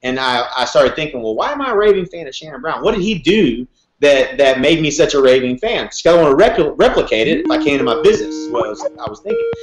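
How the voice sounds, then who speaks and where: A fast-talking man in his thirties tells a story with a lot of energy, acting out phone calls as he goes. His voice sits a bit high for a man. It rings in a roomy space with an echo. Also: very animated. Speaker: guest real estate broker. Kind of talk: animated storytelling interview.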